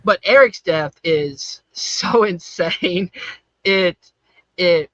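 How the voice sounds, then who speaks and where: A man's voice: sits high, drawn-out words, sharp tone, no room sound, dull audio. A man hosting a casual podcast about horror films, talking in an enthusiastic, upbeat way as he introduces award categories. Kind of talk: casual film discussion.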